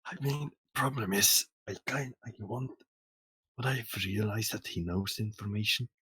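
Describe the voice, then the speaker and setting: Husky-voiced male player. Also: fairly low pitch, unhurried, sharp tone, dry recording, low-quality recording. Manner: thoughtful, questioning. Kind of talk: casual chat at a game table.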